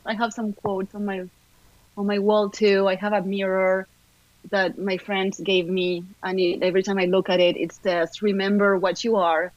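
A middle-aged actress, chatting in an upbeat way as a podcast guest, talking fast in bursts. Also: female voice, mid-range voice, level tone, a little mellow, no room sound, dull audio. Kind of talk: casual podcast chat.

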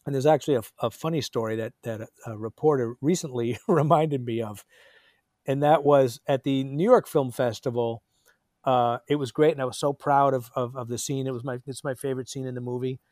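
Male actor guest, 50s, animated rambling storyteller, dead-dry mic. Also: medium pitch, brisk, dry recording. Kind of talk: casual interview anecdote.

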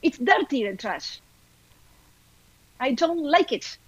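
A woman's voice: high voice, very animated, slow, no echo, highs cut off, voice pushed up, full character voice. A woman voicing a nagging wife who scolds her husband in an exasperated, repetitive way. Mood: scolding.

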